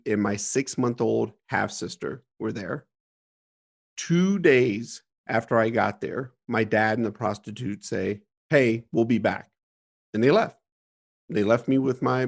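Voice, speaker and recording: A man's voice: medium pitch, gravelly. A man telling a painful childhood story as a podcast guest, earnest and emphatic, laughing through hard memories. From Ohio, USA. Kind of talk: candid storytelling interview.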